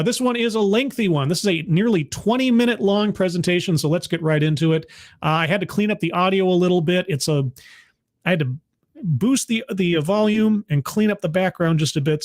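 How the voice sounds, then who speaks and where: A man chats casually on his livestream, greeting viewers by name and rambling through plenty of fillers. His voice sits a bit high for a man and moves around a lot in pitch. The sound is dry and close to the mic. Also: expressive, moderate pace, no room sound. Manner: rambling, warm greetings to chat with many fillers. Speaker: livestream host.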